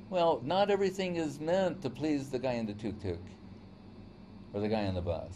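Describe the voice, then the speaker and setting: A man's voice: medium pitch, moderate pace, warm tone, a little hiss or hum. A man teaching a devotional lecture in a conversational storytelling way, often checking in with "right?". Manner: storytelling, acts out quoted voices. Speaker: spiritual teacher.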